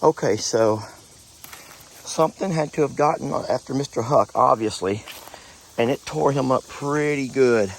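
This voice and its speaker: A man's voice: medium pitch, measured pace, a little hiss or hum. A man, talking on an emotional farm vlog, cooing tenderly at an injured animal and choking up as he talks to viewers outdoors at night. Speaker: goat farmer vlogger.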